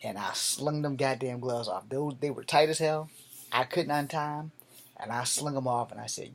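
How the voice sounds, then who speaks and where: A man telling a personal story in a vlog, animated and profane, swinging between loud and soft. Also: mid-range voice, normal speed. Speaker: martial arts vlogger.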